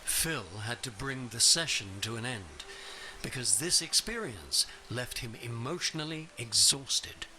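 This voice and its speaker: A man giving scripted documentary narration in a measured, ominous tone. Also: mid-range voice, lively intonation, noisy background.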